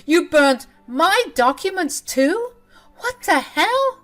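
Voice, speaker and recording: A woman voicing an angry, shouting cheating husband in a dramatic spoken story, with indignant, strained outbursts. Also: mid-range voice, lively intonation, normal speed, soft background music. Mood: furious. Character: cheating husband, man, angry then pleading.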